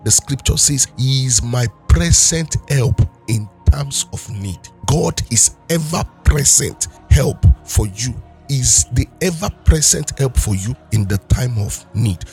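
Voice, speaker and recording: A man's voice: medium pitch, lively intonation, a little slow, few pauses, darkish tone, faint music behind. A man preaching a sermon, fervently repeating and calling out prayers. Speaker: pastor.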